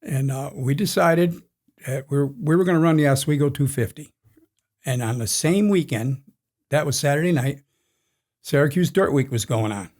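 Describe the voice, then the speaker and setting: A man's voice: on the high side, moderate pace, a little mellow. A man in his sixties, a racing crew chief, telling rambling stories in a casual interview with frequent chuckles. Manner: rambling anecdotal storyteller, chuckles often. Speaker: NASCAR crew chief guest.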